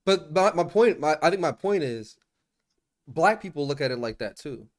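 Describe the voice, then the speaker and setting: A man's voice: a little high, animated, normal speed. A man chatting on a casual podcast, who teases the host and keeps pressing his questions.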